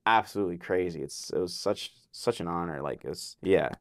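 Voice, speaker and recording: A young man, a voice actor guest, telling an excited story in a casual interview, full of filler words and acted-out quotes. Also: low-pitched, fairly quick.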